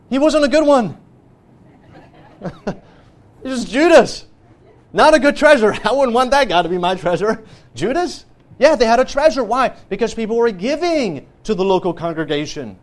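A man with a notably high voice teaches from the pulpit as a pastor. He moves point by point through scripture references with emphatic, firm delivery. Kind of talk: sermon teaching.

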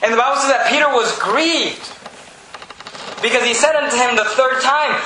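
A man preaching a sermon with fervor, rising to shouts and reading scripture aloud. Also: very high voice, brisk, very echoey, slight background noise, rough recording. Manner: fervent preaching, rises to shouts, reads scripture in old English.

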